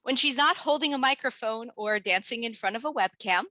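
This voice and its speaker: A woman's voice: fairly high pitch, fairly quick, pushed and bright, slight background noise. A woman hosting an event, introducing a speaker in a friendly, casual way with small joking asides.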